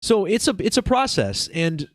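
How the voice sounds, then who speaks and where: A man's voice: sits high, no room sound, studio quality. A man hosting his own channel, talking casually and unhurriedly with lots of ums while congested from a cold. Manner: relaxed, slow and chill, with many fillers. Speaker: channel host. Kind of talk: casual video commentary.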